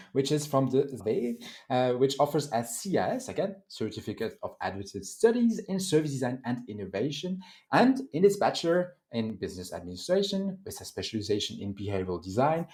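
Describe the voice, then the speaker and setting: French-accented male moderator, lively intonation, casual introductions with frequent "uh"s. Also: mid-range voice. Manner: lively, animated delivery with frequent fillers. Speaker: host and moderator. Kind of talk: online panel introductions.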